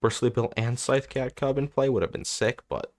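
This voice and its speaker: A man's voice: mid-range voice, lively intonation, moderate pace, darkish tone. A young man commenting on his own card game match as he plays, thinking aloud, swearing and getting exasperated. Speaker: content creator playing a card game. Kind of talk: gameplay commentary.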